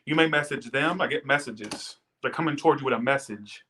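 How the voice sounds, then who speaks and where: A man's voice: mid-range voice, a little fast, sharp tone, a little hiss or hum. Rambling, chatty male tarot reader. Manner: rambling, chatty, swears casually. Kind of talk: casual live tarot reading. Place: Las Vegas.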